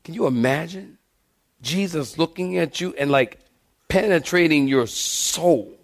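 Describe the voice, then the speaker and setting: A man preaching a sermon as pastor, animated and joking, calling out to the congregation. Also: on the high side, a little slow.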